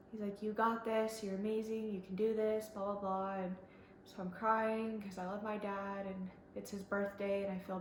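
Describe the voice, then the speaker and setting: A woman's voice: mid-range voice, a little hiss or hum. A young woman telling her own story in a casual, chatty way, full of likes and ums and quoting what others said. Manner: chatty, fillers, quotes others. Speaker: vlogger. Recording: echoey room with faint ambience.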